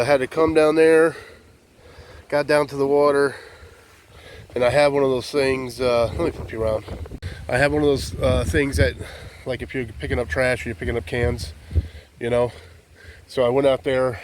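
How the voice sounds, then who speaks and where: A man's voice: mid-range voice, steady tone, normal speed, long pauses, slight background noise. A man vlogging from his van and by the water, talking in a folksy, rambling way and calling his viewers "folk", filmed on a handheld phone. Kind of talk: casual vlog chat. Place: outdoors by water and inside a van.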